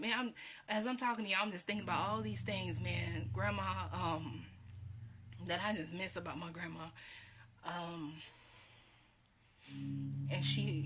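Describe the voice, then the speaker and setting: Lady vlogging, rambly, laughs a lot, lowish voice, hissy background. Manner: chatty, reminiscing, laughs often, repeats herself. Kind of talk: casual encouraging talk. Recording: steady background hiss.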